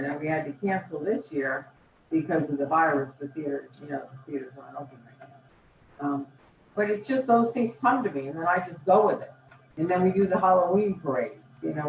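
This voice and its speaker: Older woman, company founder, chatty enthusiastic storyteller, roomy echo, faint background hum. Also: sits low. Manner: enthusiastic, chatty, acts out quotes. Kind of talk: animated storytelling in conversation. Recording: roomy, distant mic, faint ambience.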